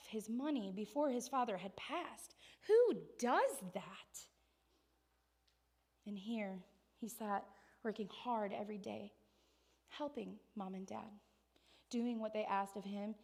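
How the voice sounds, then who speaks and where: A woman with a high voice preaches a sermon. She tells the story earnestly and drops into a quiet, subdued narrating voice. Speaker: pastor.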